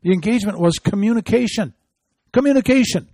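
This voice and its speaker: An indignant man hosting a commentary show, his voice pitched a little high for a man. He reads quotes aloud and scoffs at them. The recording is dry and close, with no room sound. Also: lively intonation, normal speed, darkish tone, no echo. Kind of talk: opinion commentary.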